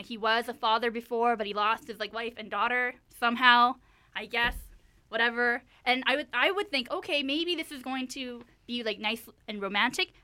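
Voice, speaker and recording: A woman co-hosting a podcast, chatting casually and animatedly about a film she saw, with lots of fillers. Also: fairly high pitch. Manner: animated, many "like" and "you know" fillers. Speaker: podcast co-host. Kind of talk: casual chat recapping a film.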